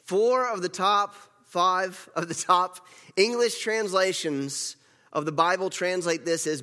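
A man's voice: sits high, measured pace, bright, forceful tone. A male pastor giving a conversational sermon, repeating phrases for emphasis. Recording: long reverb of a large hall.

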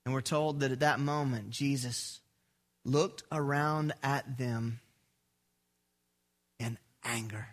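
A man's voice: medium pitch, steady tone, slow pace. A man preaching a sermon, painting a scene with vivid storytelling and asking the congregation questions. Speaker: pastor.

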